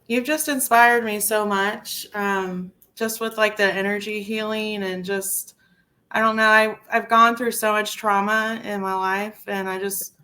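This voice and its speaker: A woman's voice: mid-range voice, fairly even intonation, unhurried, pushed and bright. A woman calling in to a talk show, speaking in an emotional, hesitant way. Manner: emotional, hesitant, lots of "like" fillers. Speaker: caller. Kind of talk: emotional call-in conversation.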